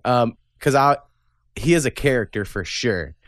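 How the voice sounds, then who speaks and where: A man's voice: mid-range voice, lively intonation, unhurried, a bit bright, no room sound. Man hosting a podcast, loose and profane, laughs a lot, dry close sound. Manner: profane, rambling, laughs often. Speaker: podcast host. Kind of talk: casual chat.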